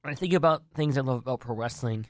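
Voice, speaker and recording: A man's voice: mid-range voice, fast, no echo, clean studio sound. A man giving casual wrestling news and opinions, earnest and rambling, often restarting his sentences. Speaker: wrestling commentary vlogger.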